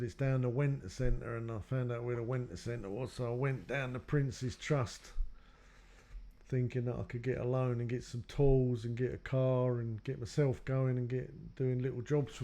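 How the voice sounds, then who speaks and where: Gravelly man recounting his past. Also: mid-range voice, fairly even intonation, moderate pace, mellow. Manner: rambling, quotes others in his story. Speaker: guest telling his life story. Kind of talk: personal storytelling.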